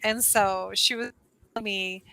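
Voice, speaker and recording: A woman from California tutoring English in a chatty, animated online conversation lesson over a video call, laughing often. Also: mid-range voice, a little slow, clean tone, no room sound, poor audio.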